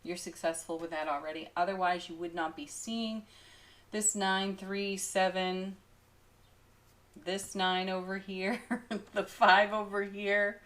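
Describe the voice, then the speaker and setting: A woman's voice: mid-range voice, level tone, takes it slowly, fairly bright tone. A woman doing a daily tarot card reading, talking through the cards with frequent giggles and enthusiastic exclamations. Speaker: tarot reader.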